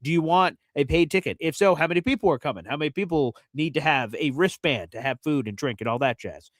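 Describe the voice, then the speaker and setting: Upbeat talky guy running a live fan show, a bit high voiced, dry close sound. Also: fast talker, no room sound. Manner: chatty and enthusiastic, explains step by step. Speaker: host of a fan radio show. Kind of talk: casual live show talk.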